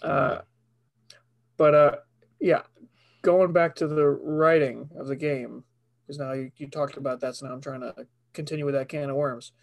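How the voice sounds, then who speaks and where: A male voice actor speaking as a podcast guest, his voice sitting a little on the high side. He talks in a loose, rambling way, circling back and filling gaps as he goes. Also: steady tone, moderate pace, vocal fry. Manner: rambling, filler-heavy talk. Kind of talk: casual podcast chat.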